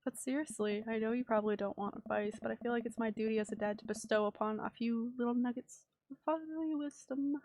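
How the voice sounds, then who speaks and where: A woman voicing a caring dad, earnest, reassuring, steady level delivery, fairly high voice. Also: fast, dry recording, close to an everyday voice. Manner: earnest, reassuring advice-giving.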